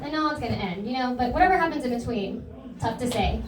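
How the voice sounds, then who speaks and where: A young woman doing a stand-up comedy set in a club, with a deadpan, self-deprecating delivery. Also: a little high, fast talker. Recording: echoey club, mic at a distance, loud crowd laughter. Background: audience laughter.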